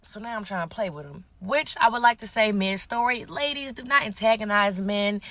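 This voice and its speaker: A woman's voice: mid-range voice, a little fast, fairly bright tone, dry recording. A young woman telling a wild personal story in casual, profane slang, laughing often. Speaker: guest telling her story. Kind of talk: animated storytelling.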